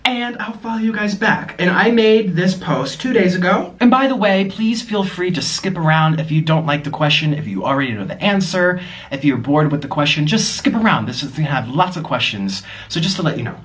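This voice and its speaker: A man's voice: high-pitched, lively intonation, fairly quick, a bit bright. A young man chatting casually as he eats on camera, gushing and cooing at his pets in baby talk. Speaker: vlogger. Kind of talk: casual mukbang chat.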